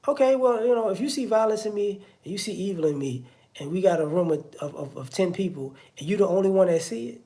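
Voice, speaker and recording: Gravelly, high-voiced man musing aloud. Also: animated, fast talker, dark tone. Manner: conversational, repeats "you know what I'm saying". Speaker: online commentator. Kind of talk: casual monologue.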